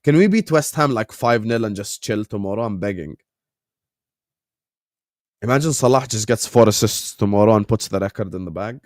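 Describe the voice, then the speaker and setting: A man's voice: fairly low pitch, lively intonation, moderate pace, no room sound, clean studio sound. A man with a Jordanian Arabic accent, hosting a casual live-stream watchalong while a bit sick, bantering with viewers and switching between English and Arabic. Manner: bantering with viewers, reading out chat names. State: a bit sick, on cough syrup. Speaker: watchalong host.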